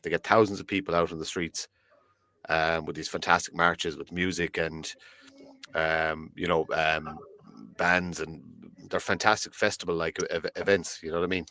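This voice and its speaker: A man's voice: sits low, flat delivery, normal speed, pushed and bright, no echo. A man with an Irish accent co-hosting a casual chat over a video call, swearing freely and laughing often. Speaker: co-host.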